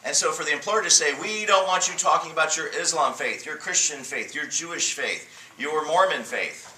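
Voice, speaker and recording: A man teaches a church class in a lively, joking, emphatic way and gets the group to repeat phrases back to him. His voice is very bright and a little high. The recording is roomy and distant, with faint noise. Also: moderate pace. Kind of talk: church class lecture with call-and-response. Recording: roomy room mic from afar, faint noise.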